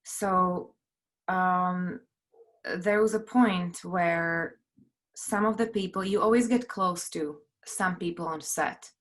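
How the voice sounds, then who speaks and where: A middle-aged woman producer on a video call from home, sharing her story in an earnest, halting way, emotional and near tears, with many fillers and restarts. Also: lowish voice. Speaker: panelist, film producer. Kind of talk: personal testimony on a panel.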